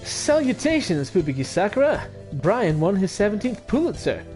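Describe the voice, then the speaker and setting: A man voicing a pompous male pigeon, speaking slowly and theatrically with a failed attempt at a French accent. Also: high voice, big pitch swings, a little mellow, faint music behind, pitched above the performer's own voice. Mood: grandiose.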